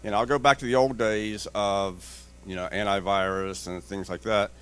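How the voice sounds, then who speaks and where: A man's voice: fairly low pitch, fairly even intonation, moderate pace, a bit bright. A man on a conference panel, blunt and joking, telling stories and acting out the dialogue in them. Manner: storytelling, acts out dialogue in quotes. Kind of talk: panel discussion. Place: conference stage.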